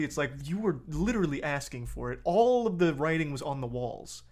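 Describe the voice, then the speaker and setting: A man reacting live to a video, talking bluntly and swearing freely. His voice sits a little high for a man, and his commentary runs casual and unscripted, turning heated at times. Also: animated, a little fast, hardly any pauses, a little mellow. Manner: blunt, profane, gets heated.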